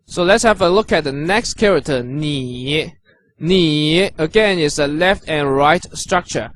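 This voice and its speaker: A man teaching characters and their pronunciation, patient and encouraging, repeating each sound slowly. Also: a little high, a bit bright, dry recording. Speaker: language teacher. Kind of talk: instructional narration.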